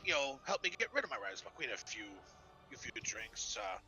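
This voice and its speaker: A man's voice: medium pitch, very animated, fast talker, sharp tone, faint music behind, rough recording. A man voicing a pompous, boastful male wizard author with a grandiose, self-admiring manner. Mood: genial.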